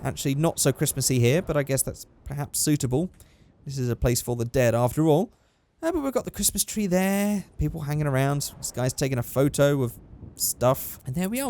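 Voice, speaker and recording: A man's voice: fairly high pitch, a little mellow, a little hiss or hum. A young man giving casual, upbeat gameplay commentary, chatting and thinking aloud as he plays. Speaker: gaming YouTuber.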